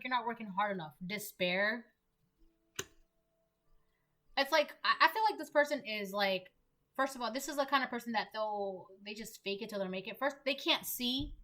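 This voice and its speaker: A woman's voice: fairly high pitch, sharp tone. A young woman giving a casual collective tarot reading, emphatic and repetitive, full of "like". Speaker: tarot reader.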